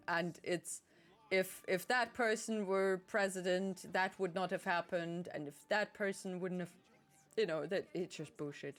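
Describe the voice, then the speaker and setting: A woman's voice: lowish voice, normal speed. A woman streamer chatting casually while gaming, rambling and swearing freely. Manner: rambling, swears, lots of restarts.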